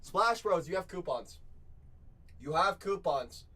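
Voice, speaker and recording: Brief: a man as a hyped card-break host, bright forceful voice, slightly high pitch, repeats his lines. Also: slow. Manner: excitable, repeats phrases, chats with viewers. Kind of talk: hyped live sales patter.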